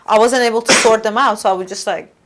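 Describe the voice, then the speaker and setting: A young woman hosting a casual podcast, chatting and telling personal stories. Her voice sits somewhat high, and she talks freely in a conversational flow. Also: fast talker, noisy background. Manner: chatty, storytelling, acts out quoted lines. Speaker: podcast host.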